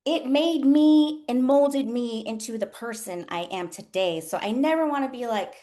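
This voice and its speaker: A woman with a fairly high voice hosts a candid motivational session as a nurse coach. She talks frankly to the group, swears freely and calls them y'all. She stays earnest and emotional throughout. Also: moderate pace, mellow.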